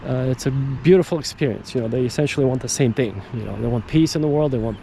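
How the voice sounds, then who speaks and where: Rambling man with a mellow voice. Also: medium pitch, quick pace, vocal fry, slight background noise. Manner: digressive, emphatic, repeats words and restarts sentences. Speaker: podcast host. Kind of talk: casual rambling monologue.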